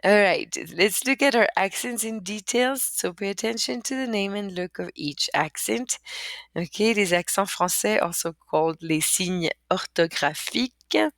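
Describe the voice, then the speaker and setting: A woman's voice: mid-range voice, unhurried, fairly bright tone, no echo, clean studio sound. A woman teaching a language lesson in English, patiently repeating words and often saying "okay". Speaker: French teacher.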